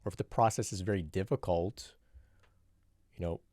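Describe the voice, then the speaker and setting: A man speaking as a spiritual teacher, answering a viewer's question in a reflective, unhurried monologue with frequent restarts. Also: low-pitched, mellow, no echo, studio quality. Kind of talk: solo Q&A monologue.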